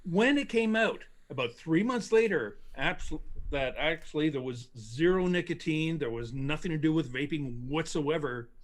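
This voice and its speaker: A man's voice: on the high side, animated, moderate pace. A man co-hosting a casual livestream chat, opinionated, telling stories and mimicking other people's voices. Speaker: co-host.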